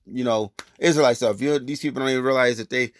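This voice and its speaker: A man spins a casual personal story in loose, rambling street talk full of cursing. His voice sits at an ordinary middle pitch. The sound is dry and close, with no room echo. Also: quick pace. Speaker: vlogger telling a personal story.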